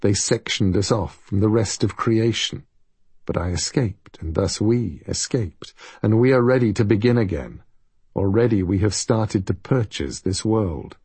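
A man reading an audiobook, voicing an ancient masked time creature with a deep, guttural voice that turns breathy and sweet, patronizing and calling people dear. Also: expressive, measured pace, darkish tone, no room sound, heavily acted. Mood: menacing.

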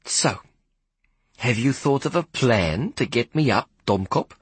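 A man voicing a loud, coarse and bossy big woman who curses theatrically and orders people around, in an audiobook. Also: medium pitch, animated, measured pace, slightly rough, dry recording. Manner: foul-mouthed, imperious, theatrical complaining. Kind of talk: audiobook character voice.

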